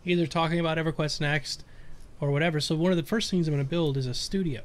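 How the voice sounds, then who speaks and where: An enthusiastic man hosts a relaxed gaming chat, his voice pitched fairly high for a man. He sounds playful and eager as he throws out ideas. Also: fast. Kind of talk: casual chat.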